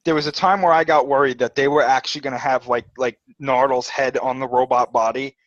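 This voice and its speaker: A man's voice: mid-range voice, fairly even intonation, fairly quick, fairly bright tone, no echo. Lo-fi, dry-sounding podcast man. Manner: playful, acts out imagined dialogue. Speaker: podcast co-host. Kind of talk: casual fan podcast chat. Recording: dull, dry lo-fi podcast mic.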